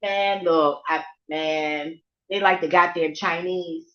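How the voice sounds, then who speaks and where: A woman vlogger telling a story to her viewers in a casual, profane rant, laughing often and swinging from low murmurs to near shouts. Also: fairly even intonation, slow, highs cut off.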